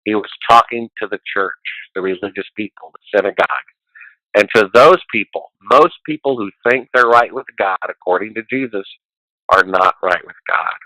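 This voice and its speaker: A man rambles on as a guest, emphatic and preachy, his voice bright and forward. He sits a touch low in pitch, and the sound is close and dry. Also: normal speed, no echo, rough recording. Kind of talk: casual conversation.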